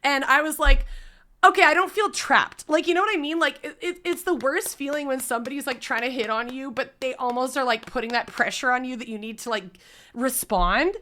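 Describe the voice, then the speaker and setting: A woman streamer casually telling a story to her chat, animated and swearing freely. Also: high voice, brisk. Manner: animated, swears freely, breaks into loud laughs.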